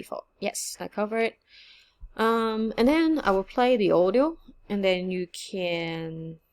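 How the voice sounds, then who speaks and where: Woman, unhurried teacher, casual lesson, lots of ums and uhs. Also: mid-range voice. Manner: relaxed, chatty, mixes English with Cantonese examples, frequent fillers. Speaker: Cantonese teacher. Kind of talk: casual online language lesson.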